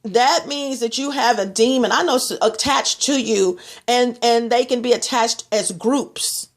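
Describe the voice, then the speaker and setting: A middle-aged woman from Texas talking casually to camera about faith and her skin products, rambling and restarting often. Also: measured pace. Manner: rambling, restarts a lot, mocks others in a higher voice. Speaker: vlogger selling skin products.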